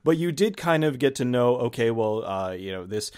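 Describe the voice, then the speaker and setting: The host of a movie review channel leads a casual chat, rambling, restarting phrases, and acting out his own reactions as he talks. His medium-pitched voice is animated and a little mellow, at a normal speed.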